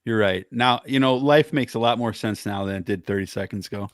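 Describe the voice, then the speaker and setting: A man hosting a podcast in a casual chat, often hesitating and filling pauses with "uh" and "um" as he steers toward the main topic. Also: lowish voice, no room sound, clean studio sound. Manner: hesitant, full of filler words. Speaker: podcast host.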